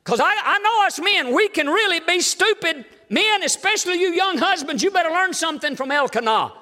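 An older man preaches, his voice high and lively as it swings between punchy emphasis and quiet folksy asides. The tone is bright and edged, and it rings out into a church hall with long reverb. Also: fairly quick. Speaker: pastor. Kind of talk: sermon. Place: church sanctuary.

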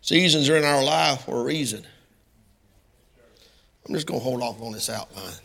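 A middle-aged man preaching a sermon in a folksy style that climbs into impassioned, shouted passages. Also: mid-range voice, moderate pace, gravelly, long reverb tail.

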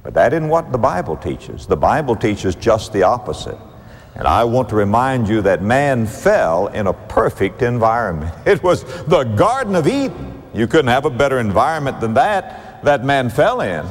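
A man preaching a sermon, emphatic and rhythmic, slowing down dramatically on key phrases. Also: medium pitch, very animated. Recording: long reverb of a large hall.

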